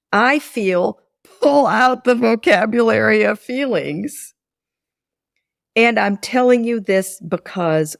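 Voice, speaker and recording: A woman's voice: medium pitch, creaky, no room sound, studio quality. A woman in her sixties, a former business school lecturer, explaining ideas in a podcast interview and telling anecdotes in which she acts out the dialogue. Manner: animated storyteller who acts out dialogue with repeated restarts.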